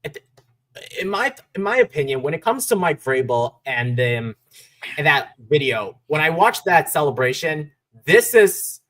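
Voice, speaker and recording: A man's voice: on the high side, very animated, fairly bright tone. A man hosting a casual sports talk stream, rambling through results and asking his co-hosts for their takes. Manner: rambling, restarts, lists results quickly. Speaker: podcast host.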